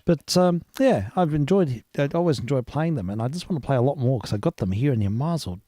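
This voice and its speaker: Brief: male stream host, mid-pitched, rambling and keen, dry close sound. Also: expressive, quick pace, dark tone, dry recording. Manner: enthusiastic and rambling, breaking off mid-phrase. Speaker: stream host playing old records. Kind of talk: casual chat.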